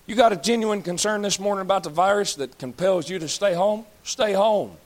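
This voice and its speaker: A man in his 30s preaches a blunt, folksy, fiery sermon as pastor, joking with the congregation and scolding them too. He talks a little fast in a high voice, with few pauses.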